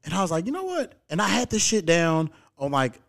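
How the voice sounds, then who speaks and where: A man's voice: a little high, brisk, vocal fry. Young man, laid-back, profane podcast host. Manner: laid-back, heavy swearing, animated when quoting people. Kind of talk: casual podcast chat.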